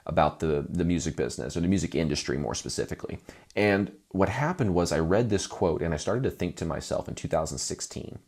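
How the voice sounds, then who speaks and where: A man with a low voice gives a casual video lesson to musicians. His tone is a bit husky, and he talks conversationally, with self-deprecating asides. He often tags his points with "right?". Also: darkish tone. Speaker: music business coach. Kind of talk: talking-head video lesson.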